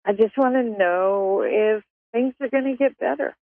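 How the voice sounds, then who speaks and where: A woman's voice: fairly high pitch, normal speed, dry recording. Hesitant woman caller, heard over a thin, dry phone line.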